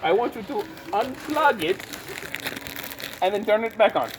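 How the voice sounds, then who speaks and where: A man's voice: high-pitched, very animated, a little slow. A man putting on the voice of an overly polite, formal call center agent who repeats himself, recorded in a noisy store. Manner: stiff, formal, repetitive phrasing. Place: store aisle.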